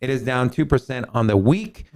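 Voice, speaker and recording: A man's voice: medium pitch, normal speed. A man co-hosting a casual live stream, joking and urging viewers to like and subscribe. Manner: animated, hypes viewers, jokey. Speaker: co-host. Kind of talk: casual livestream chat.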